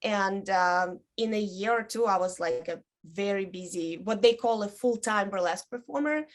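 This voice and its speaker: A woman in her thirties, a burlesque dancer chatting as a guest, telling stories with many ums and likes and lively quoted voices. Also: medium pitch, normal speed. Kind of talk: casual interview chat.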